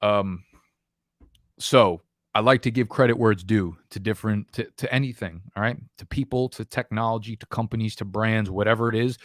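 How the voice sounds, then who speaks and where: A man's voice: on the low side, a bit bright, no room sound, clean studio sound. Profane, emphatic New York-area man. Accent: New Jersey/New York. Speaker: fantasy football host. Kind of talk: casual live stream chat.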